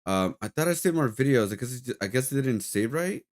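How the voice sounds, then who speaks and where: A man's voice: medium pitch, lively intonation, brisk. A man streaming, telling a rambling story in casual chat with lots of fillers and swearing.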